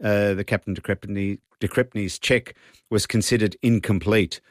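A man, an airline pilot explaining aviation calmly on talkback radio. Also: on the low side, moderate pace, dry recording, clean studio sound. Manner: calm, explanatory, plain-spoken.

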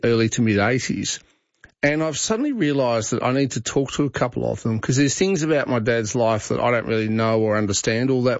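Chatty Australian radio host, dry sound. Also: male voice, medium pitch, no echo. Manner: chatty, rambling, frequent restarts. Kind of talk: talkback radio chat. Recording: dry, slightly dull studio sound.

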